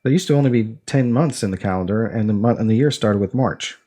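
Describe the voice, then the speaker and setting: A man's voice: fairly low pitch, quick pace, dark tone. A young man co-hosting a casual podcast, talking in a rambling way full of restarts and fillers, quizzing his co-host as he explains. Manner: explains by asking his co-host quiz questions.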